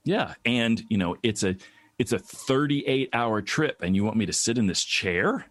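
A man chatting casually and comedically, riffing on ideas with quick mock voices. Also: lowish voice, animated, no room sound. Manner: joking, riffs into brief mock voices.

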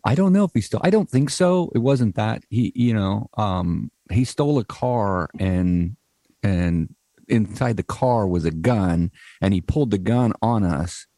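Animated rambling storyteller, man in his 60s. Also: on the low side, a little slow, no echo, studio quality. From US Midwest. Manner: rambling, animated, frequent restarts and fillers. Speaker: podcast co-host. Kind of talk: casual storytelling.

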